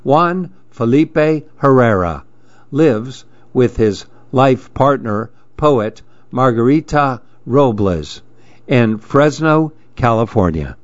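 A man reading a children's storybook aloud in a calm, measured way. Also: medium pitch, dry recording, muffled recording.

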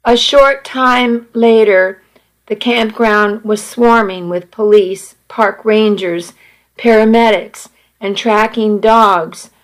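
A woman's voice: mid-range voice, fairly even intonation, slow pace, poor audio. A woman narrating a first-person story in a plain, earnest reading voice.

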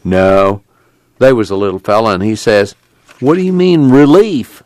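A man's voice: moderate pace, darkish tone, no room sound, studio quality, lightly acted. A man doing a profane tubby Okie migrant. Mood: indignant. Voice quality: blunt, profane, raised pitch. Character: gruff tubby middle-aged male migrant, blunt storyteller.

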